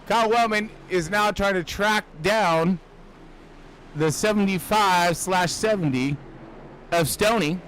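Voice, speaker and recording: A man giving casual, jokey sim racing commentary who gets excitable and shouts when cars crash. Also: high voice, takes it slowly, a little hiss or hum, poor audio. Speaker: race commentator.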